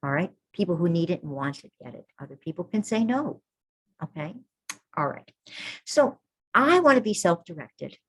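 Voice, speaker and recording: A woman's voice: lowish voice, animated, normal speed, slightly rough, rough recording. A middle-aged woman, a birth keeper, gives an earnest, informal talk to an audience and keeps checking in with "all right" and "okay".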